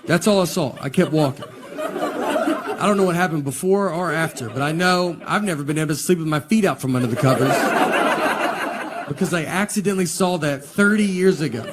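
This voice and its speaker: A middle-aged man with a Southern American accent doing stand-up comedy on stage, rambling through self-deprecating stories in a deadpan way. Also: a little high, fairly quick. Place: stage before a laughing crowd. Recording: live audience laughter and noise.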